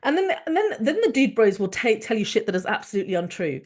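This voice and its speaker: A woman's voice: fairly high pitch, sing-song, quick pace, darkish tone. A woman, hosting a solo podcast and ranting in an angry, sweary, sarcastic way. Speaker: podcast host.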